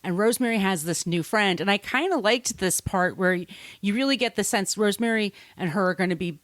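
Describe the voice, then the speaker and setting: A woman's voice: medium pitch, a little fast, no echo. A woman co-hosting a casual podcast, retelling a plot and slipping into the characters' lines as she goes. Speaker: podcast co-host. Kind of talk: casual chat.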